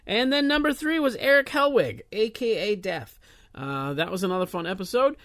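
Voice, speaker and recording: A man's voice: sits high, expressive, normal speed, fairly bright tone. Casual rambling podcast host, man. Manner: casual, rambling, many filler uhs. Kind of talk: solo podcast intro announcements.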